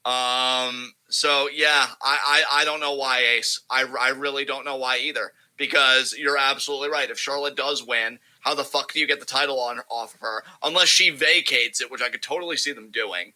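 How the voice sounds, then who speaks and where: A man's voice: medium pitch, a little fast, sharp tone, poor audio. A man co-hosting a casual wrestling podcast, talking in a profane, rambling, emphatic way. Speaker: podcast co-host.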